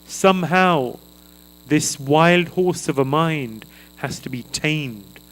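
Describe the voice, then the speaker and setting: A man giving a devotional sermon at a temple feast, slow and earnest, chanting a mantra aloud as he teaches. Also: on the high side, a bit bright, low-quality recording. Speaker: guest speaker at a temple feast. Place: temple hall.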